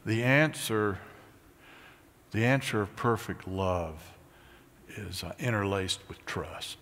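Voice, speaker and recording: A pastor preaching a sermon, swinging from high, excited bursts to hushed, near-whispered lines. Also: male voice, in a large hall. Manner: animated, rising to high excited peaks then dropping to hushed near-whispers.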